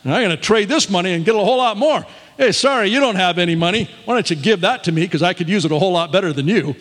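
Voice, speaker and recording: Man doing a greedy hustler, brash, rattling fast, high voice, echoey hall. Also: expressive, a bit bright. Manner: brash, rapid, pushy. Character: greedy fast-talking money-grabbing man.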